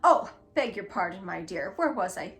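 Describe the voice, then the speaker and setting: A woman's voice: mid-range voice, big pitch swings, moderate pace, fairly bright tone, faint music behind. A woman reading a storybook aloud, voicing a round, jolly man who is cheerful and apologetic. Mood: sheepish. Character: round, jolly middle-aged man, laughter-prone.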